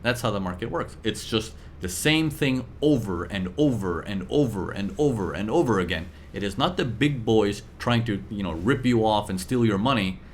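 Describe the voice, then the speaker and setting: A man teaching traders in a live class, talking lively and acting out the voices of buyers and sellers. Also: on the low side, normal speed, hardly any pauses, a little hiss or hum. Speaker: trading mentor.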